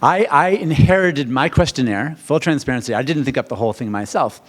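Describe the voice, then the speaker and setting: A middle-aged American man, a wedding officiant, presenting to a seminar audience in an animated, theatrical way, jumping to loud, high questions. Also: brisk.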